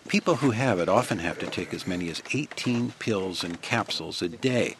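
A male radio reporter giving measured, descriptive scripted news narration. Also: low-pitched, lively intonation, fairly bright tone, a little hiss or hum.

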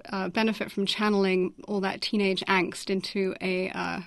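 A woman's voice: medium pitch, little pitch movement, moderate pace, creaky, no room sound. Woman actor, radio guest, wry and self-deprecating, dry close studio sound. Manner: wry, laughs often. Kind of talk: radio interview. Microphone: studio mic at a remote station.

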